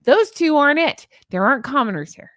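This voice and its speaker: A woman's voice: high-pitched, sing-song, fairly quick, a bit bright, dry recording, studio quality. A woman hosting a casual commentary vlog, sarcastic and exasperated as she rants. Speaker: YouTube commentary host.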